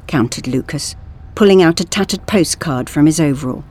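A woman reading a science-fiction story aloud in a measured, expressive way. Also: low-pitched, husky. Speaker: audiobook reader. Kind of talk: scripted narration.

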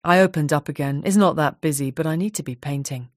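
A woman voicing a grieving widower who speaks softly and quietly, sounding numb. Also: quick pace, no room sound, clean studio sound, natural voice. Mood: subdued. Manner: soft, low, numb-sounding.

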